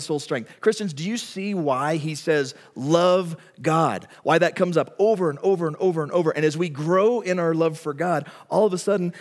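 A man preaching a sermon as pastor, swinging between loud emphatic lines and soft, quiet asides. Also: fairly high pitch. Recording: long hall reverb.

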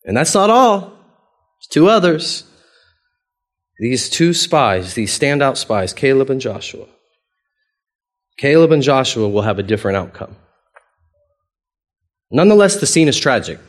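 Animated conversational male pastor. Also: measured pace, long pauses. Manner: animated, acts out quoted dialogue with big pitch jumps; conversational, playful, chuckles often. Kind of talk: sermon.

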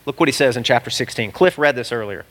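A man preaching a sermon as a pastor, animated and exclamatory, swinging from loud cries to hushed asides. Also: medium pitch, fast talker.

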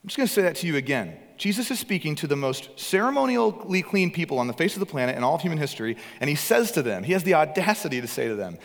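A man preaching a sermon with earnest emphasis, his voice swinging between loud and hushed. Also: on the high side, big pitch swings, fast, gravelly, few pauses, long reverb tail. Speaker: pastor.

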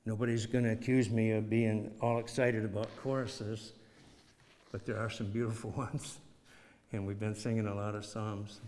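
A man's voice: lowish voice, level tone, normal speed, a little mellow. A man preaching an expository sermon, reading scripture aloud and repeating phrases for emphasis. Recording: long hall reverb.

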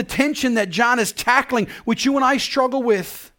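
A male pastor preaching a sermon in an earnest way, dropping to a hush and rising to loud cries. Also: very high-pitched, fairly quick. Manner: earnest, swings from hushed to loud.

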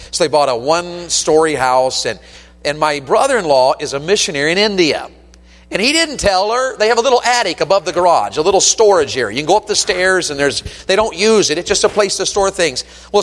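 A middle-aged man preaching a sermon, moving between quiet storytelling and loud, urgent exhortation. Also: medium pitch. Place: church sanctuary at an evening service. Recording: long reverb of a church hall.

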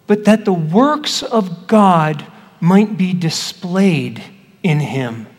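A man's voice: high-pitched, animated, extremely slow. A man, a pastor, reading scripture aloud and then teaching it line by line in a conversational way, asking his listeners questions. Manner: conversational, asks the congregation questions. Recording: echoey hall with long reverb.

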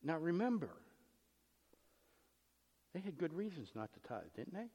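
Male pastor with a high voice giving an emphatic sermon, acting out the voices in the text; big echoing hall sound. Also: big pitch swings, unhurried, dark tone. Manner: emphatic, rhetorical questions, acts out the voices in the text. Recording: long reverb in a large hall.

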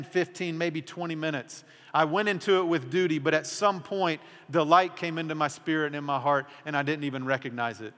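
Earnest pastor preaching in a reverberant church. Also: male voice, on the high side. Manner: earnest, dramatic drops to a hushed voice. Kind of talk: sermon. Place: church sanctuary. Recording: long hall reverb.

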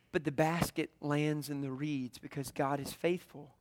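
A man's voice: on the high side, fairly even intonation, moderate pace, hardly any pauses, no echo. A man preaching a sermon, retelling a scripture story with drama and voicing its characters.

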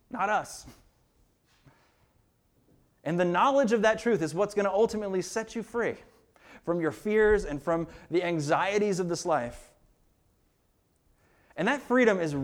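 A male pastor preaching a sermon in an earnest, emphatic way, often repeating words as he builds a point. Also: high voice.

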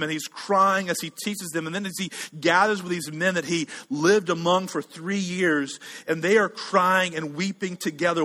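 A man's voice: a little high, fairly bright tone. A man preaching a sermon as pastor, in a casual, self-deprecating, conversational way with frequent restarts. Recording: long hall reverb.

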